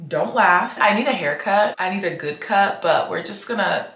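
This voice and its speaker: Bright-voiced young woman vlogging in an echoey room. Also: mid-range voice, normal speed. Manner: chatty and expressive, venting with emphatic repetition. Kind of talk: casual chat to camera. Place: home, getting ready for the day. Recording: roomy echo.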